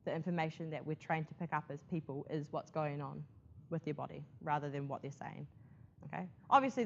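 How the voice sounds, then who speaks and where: Nz lady teacher chatting through a lesson, lowish voice, kinda muffled classroom recording. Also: vocal fry, slight background noise. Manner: chatty, frequent "okay?" check-ins. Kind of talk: classroom lesson on presentation skills.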